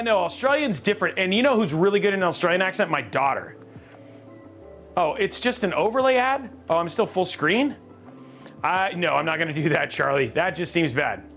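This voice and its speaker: A man hosting a live PC-building stream, joking and chatting with viewers as he works. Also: high-pitched. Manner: animated, jokey, chatting with viewers. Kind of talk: casual live-stream chat while building.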